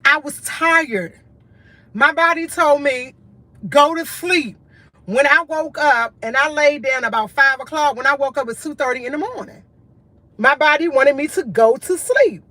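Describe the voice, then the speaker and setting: A woman's voice: sits high, lively intonation, normal speed, pushed and bright, dry recording. A tired woman, talking candidly and earnestly to her livestream viewers in short, repeated phrases. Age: adult with a school-age son, in college. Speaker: livestream host.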